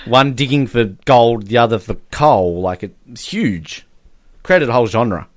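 A jokey man chats through a film commentary, his pitch swinging up and down as he riffs. He laughs at his own tangents and restarts sentences, recorded dry and close over a call. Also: expressive, measured pace, no room sound. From Australia. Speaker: podcast co-host. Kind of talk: casual film commentary chat. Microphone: video call headset or desk mic.

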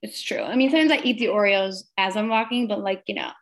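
A woman's voice: medium pitch, fast talker. A woman who is a guest on a podcast, chatting casually and filling her talk with "like". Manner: chatty, fills speech with "like". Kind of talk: casual chat.

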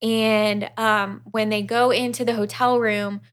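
A woman's voice: medium pitch, little pitch movement, a little slow. A woman co-hosting a podcast, recapping a book in casual chat. She acts out the characters' lines and swears freely. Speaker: podcast co-host.

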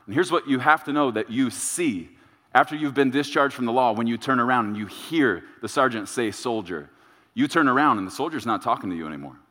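A male pastor preaches in a mid-range voice and drives his points home by repeating them. He leans on dramatic pauses. His words carry a long reverb, as in a large sanctuary. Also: medium pitch, expressive, fairly bright tone. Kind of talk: sermon.

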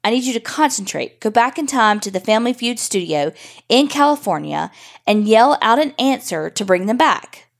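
A woman voicing a desperate young boy who keeps begging his sister, in a soft, insistent way. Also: on the high side, animated, moderate pace, gravelly. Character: pleading young boy, a desperate older brother.

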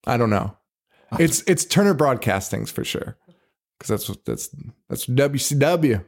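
A podcast host with a gravelly, medium-pitched voice speaks at a measured pace while chatting casually about a movie. He's excitable, swears freely and laughs often.

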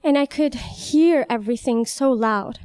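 A young woman from Iran telling a vivid first-person story, animated and laughing as she goes. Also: sits high, measured pace, clear, resonant tone, dry recording.

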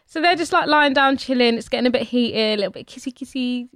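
A woman's voice: high-pitched, fast talker, dry recording, studio quality. A young woman co-hosting a podcast, telling a story in a chatty, slangy way. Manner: chatty, lively retelling with slang. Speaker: podcast co-host. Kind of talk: casual chat, storytelling.

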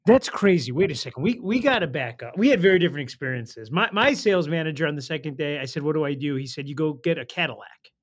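A man's voice: a little high, quick pace, few pauses. A man from the American Midwest hosting a podcast, telling his own stories and quoting the people in them. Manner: lively storyteller, quotes people in his stories. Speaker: podcast host. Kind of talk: casual podcast chat.

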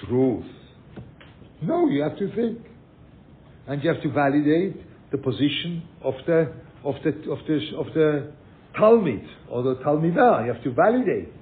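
An older man teaching a class as a rabbi, animated, repeating words and mixing in Yiddish and Hebrew terms. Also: normal speed. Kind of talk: lecture with questions from students. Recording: phone-like echoey room with faint rumble.

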